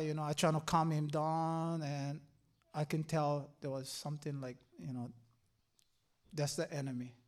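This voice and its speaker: An older man giving a personal faith testimony, halting and earnest, with many fillers. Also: fairly high pitch, a little mellow. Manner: halting, earnest, full of "you know" fillers.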